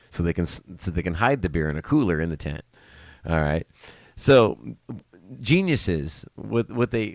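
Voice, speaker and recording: In a dry recording, a middle-aged man with a low-sitting voice tells family stories to a live stream. He rambles, laughs often, and corrects himself along the way.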